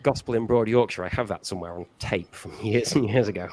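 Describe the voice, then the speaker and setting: A man's voice: lowish voice, fast, darkish tone. A man in casual chat, playful and jokey.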